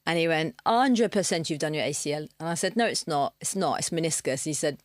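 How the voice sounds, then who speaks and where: A woman, a podcast guest telling stories in animated fashion, acting out quotes and swearing freely. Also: sits low, fast talker, no echo. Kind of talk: casual storytelling chat.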